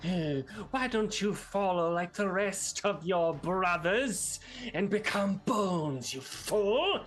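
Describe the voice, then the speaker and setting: A man's voice: sits high, animated, slow, soft background music, pitched above the performer's own voice. A man voicing an arrogant male goblin king who sneers at his followers. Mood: sneering. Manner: haughty, sneering.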